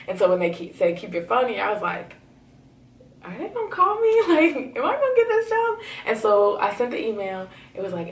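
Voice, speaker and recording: A young woman telling a personal story to her camera at home, chatty with many fillers and excitement. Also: fairly low pitch. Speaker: vlogger. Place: home room. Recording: roomy, slightly distant camera audio.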